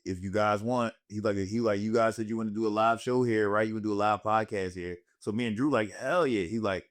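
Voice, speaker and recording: A man's voice: lowish voice, fairly even intonation, a little fast. A young man, a comedian hosting a casual podcast, telling profane stories with bursts of put-on voices. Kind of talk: casual storytelling chat.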